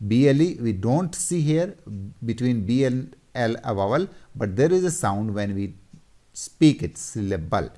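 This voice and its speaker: Male teacher explaining a lesson, unhurried and deliberate, repeats key terms. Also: mid-range voice, expressive, dark tone. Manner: slow, deliberate, repeats and points at examples. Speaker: English teacher.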